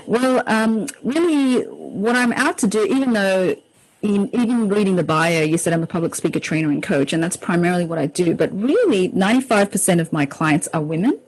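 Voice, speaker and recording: A woman's voice: medium pitch, animated, a little fast, poor audio. A woman with an Australian accent, a public speaking coach talking enthusiastically as an interview guest. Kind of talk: casual interview talk.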